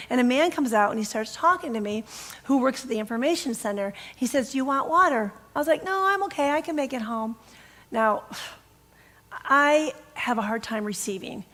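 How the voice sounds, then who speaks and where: High-voiced woman minister telling stories. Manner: animated, laughing, acts out dialogue. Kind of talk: casual storytelling sermon.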